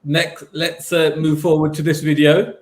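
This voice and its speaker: A man's voice: fairly high pitch, flat delivery, a little slow. A man hosting a podcast in casual chat, teasing with faux-polite, mock-innocent questions. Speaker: podcast host.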